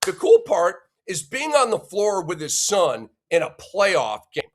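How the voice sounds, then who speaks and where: A man's voice: sits high, huge pitch swings, unhurried. A man hosting a sports podcast, giving an emphatic, opinionated rant and punctuating his points with a questioning "okay?". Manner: blunt and insulting toward critics.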